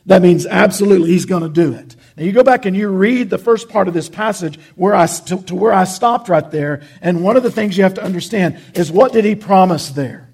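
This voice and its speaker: A pastor preaches in an earnest, conversational way, stumbling and restarting as he goes. His voice sits high for a man and has a gravelly, husky edge. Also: expressive, fairly quick, few pauses, a little mellow. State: choked up with emotion. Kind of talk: sermon.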